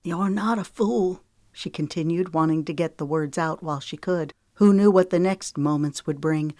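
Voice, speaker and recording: A woman reading a novel aloud in a calm, measured way. Her voice is low and dark. The recording is dry and close-miked, with no room sound. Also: no echo. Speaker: audiobook narrator. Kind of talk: scripted audiobook narration.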